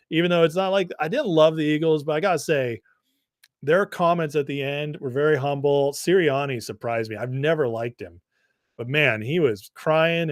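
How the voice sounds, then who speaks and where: A man with a deep voice hosting a livestream, chatting loosely and reading viewer comments. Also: dry recording, clean studio sound. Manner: chatty, laughs often, many fillers and restarts. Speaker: livestream host.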